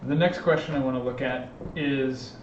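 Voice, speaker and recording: A man's voice: mid-range voice, fairly even intonation, normal speed, recorded from a distance, background noise. A man speaks to a small group in an informal lecture, thinking aloud and circling back with fillers as he works through his points. The room sounds echoey, and the recording is dull and lo-fi.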